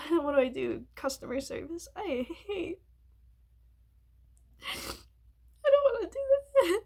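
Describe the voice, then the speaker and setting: Young woman ranting to camera, high voice, swears a lot, rambly. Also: vocal fry. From United States. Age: early 20s. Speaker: vlogger. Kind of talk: casual venting monologue.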